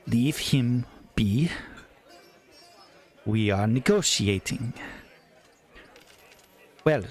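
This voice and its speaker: A man voicing a shrewd robed male goblin, speaking in a slow, formal, bargaining way in a tabletop game. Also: mid-range voice, husky, faint music behind. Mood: measured.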